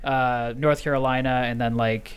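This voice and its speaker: A man co-hosting a podcast, quick and joking, cursing casually in relaxed chat. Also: medium pitch, a loud crowd. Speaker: podcast co-host.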